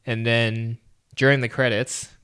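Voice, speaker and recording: Man, podcast co-host, casual movie chat, animated retelling, acts out lines, laughs a lot, middle pitch. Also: measured pace, clean tone.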